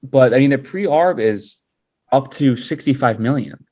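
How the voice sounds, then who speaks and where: A man's voice: mid-range voice, expressive, a little slow, darkish tone. A man co-hosting a podcast, laid-back in casual chat with dry, self-mocking asides. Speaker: podcast co-host.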